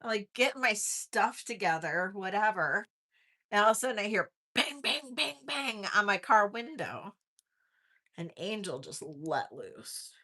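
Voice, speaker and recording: A woman's voice: mid-range voice, very animated, unhurried, sharp tone. A middle-aged woman hosting a live vintage jewelry sale, chatting in a casual, rambling way with lots of "like"s. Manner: chatty storytelling, many "like"s, laughs easily. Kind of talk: casual chat with live auction calls.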